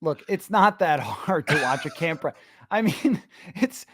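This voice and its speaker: A man hosting a sports podcast, ranting in animated, sarcastic casual chat. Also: on the high side, unhurried, slightly rough, no room sound, studio quality. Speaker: podcast host.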